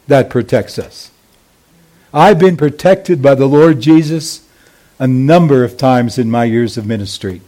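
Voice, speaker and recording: A man as pastor, preaching a sermon slowly and deliberately with emphatic pauses. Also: medium pitch, warm tone.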